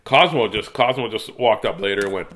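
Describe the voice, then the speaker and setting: A middle-aged man reads a children's book aloud in a chatty, jokey way. His voice moves a lot in pitch and stays lively throughout. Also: fairly quick. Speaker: host reading children's books. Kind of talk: casual read-aloud to a live chat.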